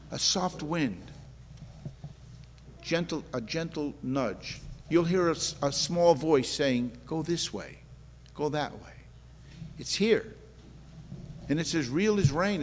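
A man's voice: high voice, fairly bright tone, long reverb tail, a little hiss or hum. A man preaching a sermon to a congregation in an earnest, conversational way, often repeating himself for emphasis. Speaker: pastor.

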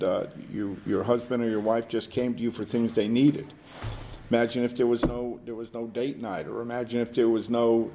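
Relaxed man teaching a Bible study. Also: mid-range voice, a little hiss or hum. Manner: informal, halting, with restarts and questions to the group.

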